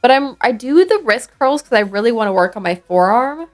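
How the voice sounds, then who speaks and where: A woman's voice: a little high, lively intonation, fairly quick. A woman streaming a game, chatting casually and sleepily, rambling with fillers and restarts. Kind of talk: casual gameplay chat. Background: faint game music.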